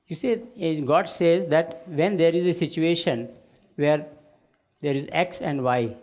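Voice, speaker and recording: A man giving a measured explanation in a dialogue, with occasional fillers. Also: fairly high pitch, a little mellow. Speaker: youth leader. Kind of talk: dialogue contribution.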